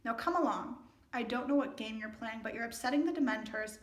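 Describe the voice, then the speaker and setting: A woman's voice: a little high, fairly quick, lightly acted. Woman reading a prim, cruel official. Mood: scolding. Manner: cold, scolding, patronizing. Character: prim, cruel female official, middle-aged. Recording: echoey room.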